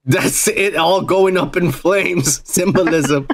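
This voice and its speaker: A man with a high voice and a gravelly, fry-heavy edge. He co-hosts a podcast and keeps up a profane, laughing riff on the news. He is drinking as he talks. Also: takes it slowly. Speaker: podcast co-host. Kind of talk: crude casual chat.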